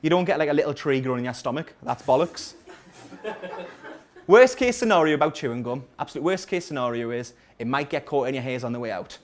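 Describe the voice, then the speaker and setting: A man's voice: medium pitch, lively intonation, quick pace. A man in his thirties with a Geordie accent, doing a rambling, self-mocking stand-up set in a small coffee house. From North East England. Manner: rambling self-mocking storytelling with dry asides. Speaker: stand-up comedian. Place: small coffee house venue with a live audience.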